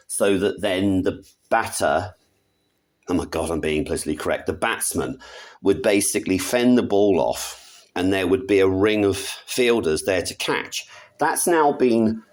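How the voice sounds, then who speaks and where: A man from Britain delivering an angry opinion rant to camera, emphatic, with quick muttered asides. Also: darkish tone. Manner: indignant, emphatic, with sudden pitch jumps and quick muttered asides. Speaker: video commentator.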